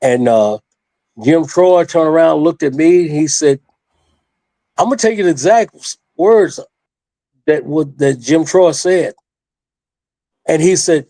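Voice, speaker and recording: An older man with a somewhat high, gravelly and mellow voice tells a wrestling-days story as a studio guest. He rambles, circles back on his own words and leans on each point with emphasis. The sound is dry and close. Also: unhurried, pauses often, dry recording. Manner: rambling and emphatic, with many restarts and repeated phrases. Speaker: interview guest, retired wrestler.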